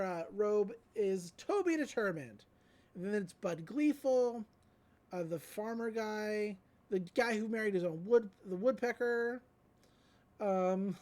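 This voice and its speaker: A woman hosting a podcast, retelling a cartoon episode in casual chat with animated storytelling and quick character voices. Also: medium pitch. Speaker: podcast host.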